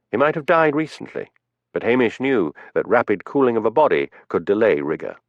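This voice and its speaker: A male audiobook narrator reads in a low voice with lively, expressive delivery. His storytelling stays steady. The audio is dry and slightly dull. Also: no room sound. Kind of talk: scripted narration.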